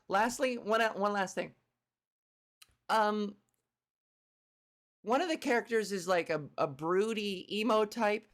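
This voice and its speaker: A woman in her thirties hosting a comedy podcast, ranting in an animated, exasperated, profane way. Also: mid-range voice, takes it slowly, long pauses. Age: 30s.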